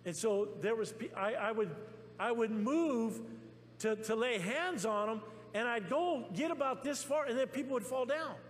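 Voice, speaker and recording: High-voiced man preaching in an echoing church. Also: normal speed. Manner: excited storytelling with frequent restarts. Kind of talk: testimony sermon. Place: church sanctuary. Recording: long reverb in a church with faint hum.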